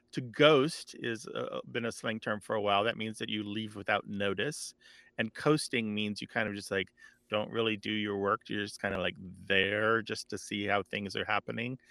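A man explaining word origins as a guest expert, thoughtful and steady. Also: fairly low pitch, dry recording. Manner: thoughtful, with fillers and restarts. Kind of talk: conversational explaining.

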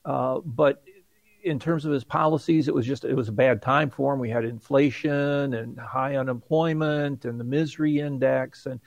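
A middle-aged man, a political science professor, giving measured commentary as a radio guest and thinking aloud with restarts. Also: mid-range voice, fairly even intonation, gravelly, dry recording.

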